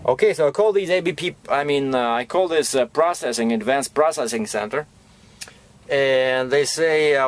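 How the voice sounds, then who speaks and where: Trucker guy in his cab rambling through a story, keeps saying right, middle pitched voice. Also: normal speed. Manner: rambling, with frequent restarts and "you know, right?". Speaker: truck driver. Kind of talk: casual storytelling vlog.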